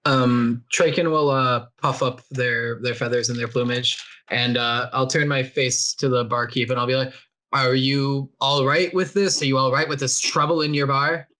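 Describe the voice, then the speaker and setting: A male tabletop player talking casually through his character's actions. His voice is bright and forward at a middle pitch. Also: fairly even intonation, normal speed. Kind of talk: tabletop play.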